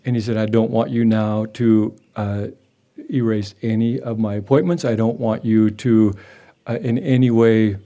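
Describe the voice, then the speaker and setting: An older man telling a personal memory at a memorial gathering, halting and gentle, with many restarts. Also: medium pitch. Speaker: devotee sharing a memory. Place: gathering hall with a live audience.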